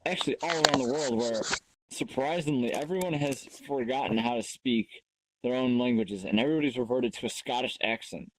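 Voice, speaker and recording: A man's voice: medium pitch, brisk, poor audio. A man hamming it up as an improv news anchor, full of stumbling restarts. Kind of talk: comedic improv, mock newscast.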